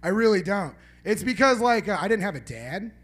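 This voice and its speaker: A man's voice: high-pitched, sing-song, fairly quick, fairly bright tone, slightly rough. A man doing a live stand-up set in a small venue, rambling and swearing as he banters with the audience. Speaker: stand-up comedian.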